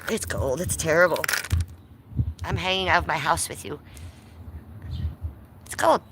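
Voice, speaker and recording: A woman from Cleveland, US, with a deep voice and a normal pace is livestreaming casually at home on a phone she holds in her hand. She reads the chat aloud in a blunt, sweary, joking way as she steps outside into the cold, with background noise behind her.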